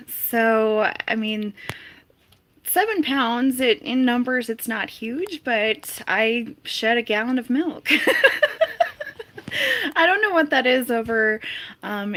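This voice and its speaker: A young woman chats casually with viewers on a live stream from home. Her voice sits a touch high and she talks at an unhurried pace. She giggles often and greets chatters by name. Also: a bit bright.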